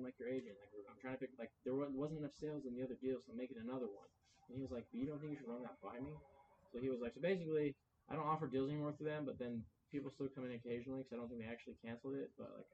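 A man's voice: mid-range voice, darkish tone, lo-fi sound, a little hiss or hum. A young man telling a long story in casual podcast chat, rambling, with many "like"s and acted-out quotes. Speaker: podcast co-host.

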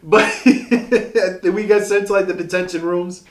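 A man's voice: high voice, steady tone, measured pace. A man hosting a casual podcast, telling a school story with lots of laughter and repeated words. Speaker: podcast host. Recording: roomy echo.

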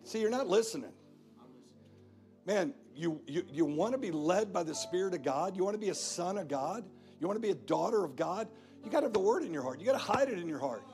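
Emphatic high-voiced male preacher. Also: lively intonation, brisk, a little mellow, soft background music. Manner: emphatic preaching with repeated phrases. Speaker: guest pastor. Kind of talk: sermon. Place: church.

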